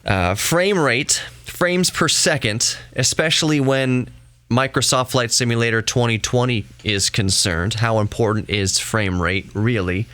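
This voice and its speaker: A man's voice: medium pitch, measured pace, a bit bright, no echo. A man in his thirties hosting a solo podcast from home, rambling casually and laughing easily. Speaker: podcast host. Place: home room with laptop running.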